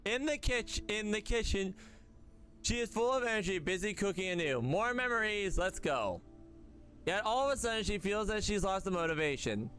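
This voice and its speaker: Streaming a game casually, this man reads the dialogue and narration out loud, often stumbling and correcting himself. His voice sits high and sounds very animated, brisk, and fairly bright, with faint music playing beneath him.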